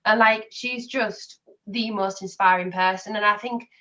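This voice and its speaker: A woman's voice: mid-range voice, steady tone, unhurried, sharp tone, muffled recording. A woman, a podcast guest chatting openly and telling personal stories. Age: 20s. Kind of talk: casual chat.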